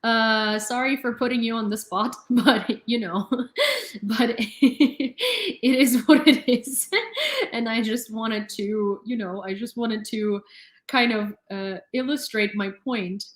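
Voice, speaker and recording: Talking slowly in a slightly high voice, a young woman offers casual commentary while hosting a live news stream. She rambles chattily, fills gaps with fillers, and laughs a lot; the recording sounds echoey.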